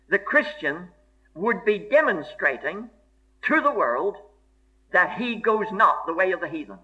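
A man's voice: high voice, expressive, moderate pace, bright, forceful tone. A man preaching a sermon in an earnest, emphatic way, repeating key phrases for stress. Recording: dull lo-fi sermon recording.

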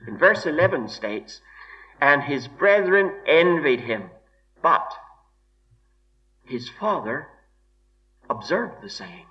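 A man preaching an expository sermon in a slow, measured way, weighing each word with deliberate emphasis. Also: a little high, big pitch swings. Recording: dull lo-fi recording.

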